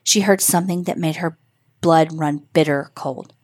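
A woman narrating a scripted spooky story for children in a measured, suspenseful way. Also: low voice, a little mellow.

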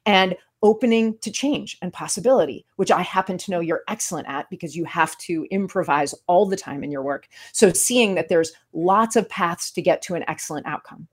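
A woman in an interview who sums up what her guest said and explains ideas in a measured way. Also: fairly low pitch, breathy edge.

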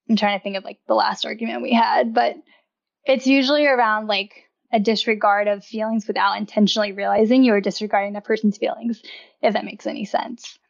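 A woman's voice: on the high side, fairly even intonation, normal speed, creaky, highs cut off. A woman in casual conversation as a guest, talking freely with a lot of "like" and laughing often. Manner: chatty, uses "like" constantly, laughs often. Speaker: podcast guest. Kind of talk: casual chat.

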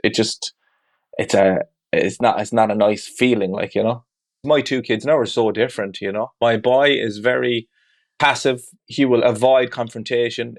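A man speaking as a father in an interview, reflective and open, talking candidly with frequent "you know" asides. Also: medium pitch. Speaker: guest; father of two.

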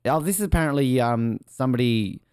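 A man's voice: mid-range voice, lively intonation, a little fast, a little mellow, clear, resonant tone, no room sound, studio quality. A young man, co-hosting a casual movie commentary and rambling chattily with lots of ums and likes. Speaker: podcast co-host.

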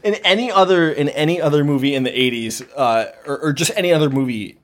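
A man's voice: on the high side, quick pace. A man co-hosting a podcast, chatting about a movie in an amused, incredulous way. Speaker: podcast co-host. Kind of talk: casual movie review chat.

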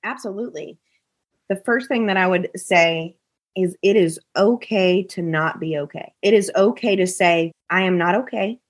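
A woman's voice: fairly low pitch, normal speed. A woman podcast guest giving candid, emphatic advice and acting out what her friends said. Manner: emphatic, repeats phrases, acts out friends' voices.

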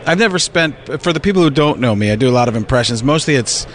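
An American comedian being interviewed, who talks in a casual, jokey and self-deprecating way. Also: male voice, mid-range voice, expressive, fast. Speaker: comedian guest.

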